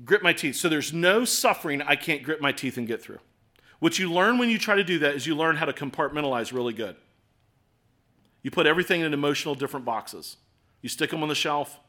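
A man in his forties preaching a sermon in a conversational, self-deprecating way, with swings between loud and soft. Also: on the high side, lively intonation, brisk. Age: 40s. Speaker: pastor.

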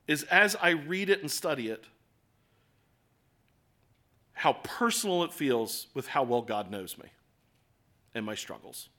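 Bright-voiced American preacher. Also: male voice, mid-range voice. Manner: earnest, conversational preaching with rhetorical questions. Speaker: pastor. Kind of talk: sermon.

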